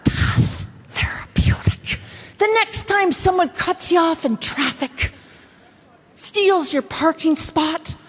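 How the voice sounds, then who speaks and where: A woman's voice: extremely high pitch, slow pace. A woman comedian and motivational speaker giving a stand-up keynote, telling stories with sarcastic, exclamatory asides. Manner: sarcastic, animated, exclamatory storytelling.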